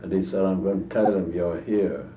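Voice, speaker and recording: Low-voiced elderly man reminiscing. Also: steady tone, slight background noise. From United States. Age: 80s. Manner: rambling anecdotal storytelling with halting restarts. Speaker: interviewee. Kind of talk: recorded archival interview. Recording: dull distant 1950s tape in an echoey room.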